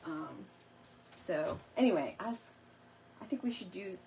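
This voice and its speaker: A woman's voice: medium pitch, lively intonation, a little slow, a little mellow. A chatty middle-aged woman rambles to her live-stream viewers as she works on a craft project. She calls them y'all, drifts between asides, and stops now and then to cough. A faint hiss of noise sits behind her voice. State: lingering cough. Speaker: DIY crafting host. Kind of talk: casual live-stream chat while crafting.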